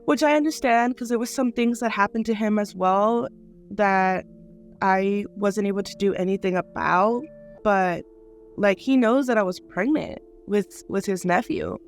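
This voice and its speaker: A young woman recounts her own life story in an interview, with a mid-pitched voice. She speaks openly and emotionally, leaning on "like" and "you know" as she goes. Soft music plays faintly underneath. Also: unhurried. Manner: emotional, conversational, many "like" and "you know" fillers. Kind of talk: candid personal testimony.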